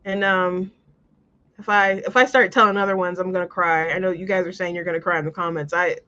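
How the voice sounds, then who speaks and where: Brisk and mid-range, this show host's voice stays steady while sounding pushed and bright through lo-fi audio. The casual commentary monologue is earnest and meandering, with frequent restarts.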